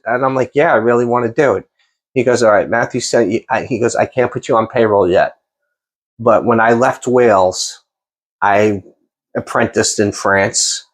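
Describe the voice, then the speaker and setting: A man's voice: mid-range voice, normal speed. Rambling New man telling stories. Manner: rambling, animated storyteller with many restarts. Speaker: podcast host and chef. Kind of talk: casual interview storytelling.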